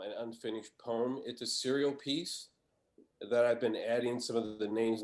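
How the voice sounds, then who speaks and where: A man poet introducing his own work in a measured, earnest way with occasional fillers. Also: fairly low pitch, a little mellow. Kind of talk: introducing and reading his poetry.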